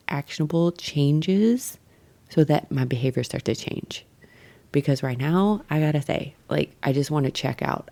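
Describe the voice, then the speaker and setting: A woman's voice: low-pitched, vocal fry, mellow. A young adult woman hosting a solo podcast, talking candidly and self-critically with many fillers, restarts and some swearing. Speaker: podcast host.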